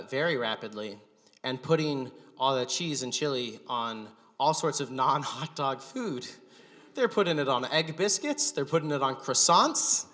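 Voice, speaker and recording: Male stand-up host, bright, slightly high voice, wry deadpan storytelling, long hall reverb. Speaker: stand-up comedian and show host. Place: gallery venue with live audience.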